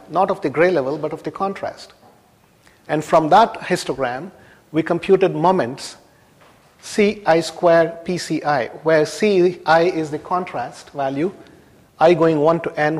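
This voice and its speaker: A male university lecturer explains technical results in a slow, measured way, pausing between phrases. His voice sits a little higher than most men's. The sound rings with the long reverb of a lecture hall.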